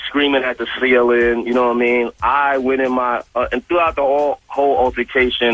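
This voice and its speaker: A man's voice: mid-range voice, dull audio. A man who is a guest on a radio interview, telling a story in casual slang and acting out the dialogue. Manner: animated, acts out the dialogue, profane slang.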